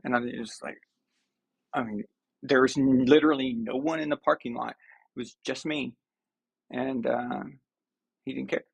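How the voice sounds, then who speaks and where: A man's voice: mid-range voice, steady tone, moderate pace, creaky, pauses often, husky. A man hosting a sports live stream, chatting casually and ranting with mock outrage to his viewers.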